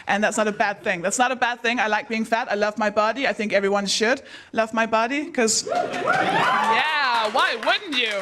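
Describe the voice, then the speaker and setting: A woman hosting a live storytelling night, telling self-mocking stand-up jokes with punchy deadpan timing. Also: mid-range voice, slight background noise. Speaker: host and stand-up comedian. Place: live stage before an audience.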